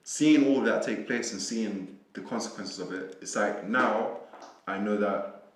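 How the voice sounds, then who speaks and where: A young man from Senegal speaks as a podcast guest in a fairly low voice. He is earnest and reflective and repeats words while he gathers his thoughts. The room leaves a noticeable echo on his voice. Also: a little slow. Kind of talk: casual conversation. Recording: roomy echo.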